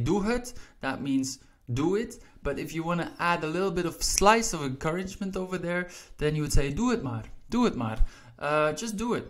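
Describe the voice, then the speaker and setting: A man teaching a language lesson, explaining example sentences step by step, slowing down to read each one and often checking in with "right?". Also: a little high, a bit bright. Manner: repeats "right?" and "all right?" after points, slows down to read example sentences.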